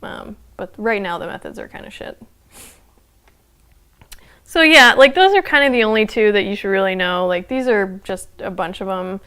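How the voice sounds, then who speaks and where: A woman's voice: mid-range voice, normal speed, a bit bright, clean tone. Chatty woman teaching anthropology. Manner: chatty, loose, with frequent fillers and laughs. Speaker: anthropology instructor. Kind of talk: casual live online lecture.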